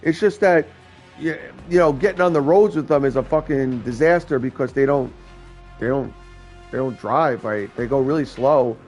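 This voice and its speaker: A man's voice: medium pitch, moderate pace, a little mellow, soft background music. A man from New York chatting casually, rambling through profane stories. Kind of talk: casual chat.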